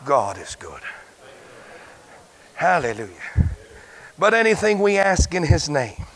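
A man preaching a sermon as pastor, stumbling over repeated words and breaking into shouted exclamations. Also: a little high, very animated, slow. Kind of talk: sermon with a healing testimony.

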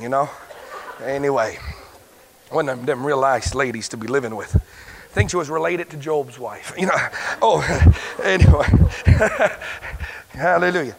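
A man preaching a sermon as pastor, stumbling over repeated words and breaking into shouted exclamations. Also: a little high, vocal fry. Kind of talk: sermon with a healing testimony.

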